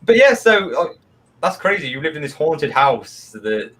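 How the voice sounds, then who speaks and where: A man's voice: a little high, sing-song, normal speed, fairly bright tone, poor audio. A man co-hosting a live stream, chatting casually and introducing the other hosts. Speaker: co-host.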